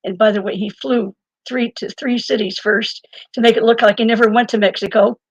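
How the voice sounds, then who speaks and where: An older woman being interviewed, telling a long personal story in a lively way, laughing now and then and restarting her sentences. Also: a little high, brisk, dry recording, rough recording. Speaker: interview guest and author. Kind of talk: conversational storytelling.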